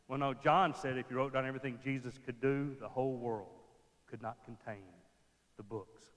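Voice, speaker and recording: Animated preacher echoing through a church. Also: male voice, a little high. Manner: acts out scenes, drops to a hushed voice for emphasis. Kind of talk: sermon. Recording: long church reverb.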